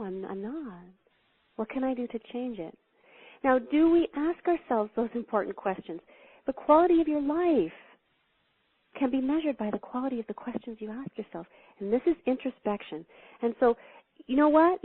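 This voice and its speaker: A woman spiritual teacher telling stories as an interview guest, animated and laughing, acting out the quotes she tells. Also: high voice, breathy edge, no room sound. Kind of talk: storytelling spiritual talk. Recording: thin phone-line sound, dry.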